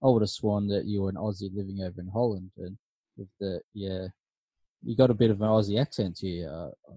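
A man's voice: low-pitched, fairly even intonation, a little fast, warm tone, husky, dry recording. A middle-aged man co-hosting a podcast, easygoing and asking questions. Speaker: podcast co-host. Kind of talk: casual podcast chat.

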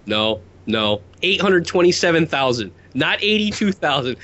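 A woman co-hosting a podcast, cracking up and shouting in casual chat. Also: sits low, sing-song, normal speed, lo-fi sound. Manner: laughing uncontrollably, shouting. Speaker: podcast co-host.

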